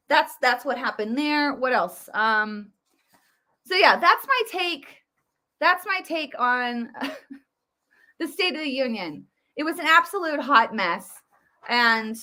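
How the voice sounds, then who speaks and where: A woman's voice: mid-range voice, sharp tone. A woman hosting a casual political commentary show, talking in a chatty, opinionated way with many fillers and restarts. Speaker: host.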